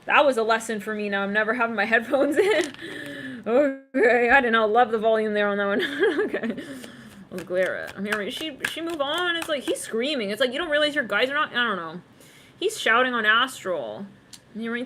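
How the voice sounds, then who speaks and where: A tarot reader speaks fairly quickly in a fairly high, slightly bright voice with lively intonation, giving a casual psychic reading. She rambles, chats directly with viewers, laughs often, and breaks into snippets of song. The audio carries a little hiss or hum.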